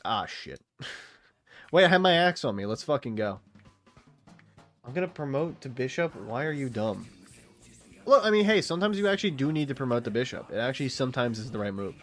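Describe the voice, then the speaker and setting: A man in his late twenties gives loose, rambling gameplay commentary, swearing freely and chatting with his viewers and the animals on screen. His voice is middle-pitched but swoops up and down a lot, with faint music running behind him. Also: animated, fairly quick, long pauses. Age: late 20s. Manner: rambling, profane, chatty with chat and game animals. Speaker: streamer.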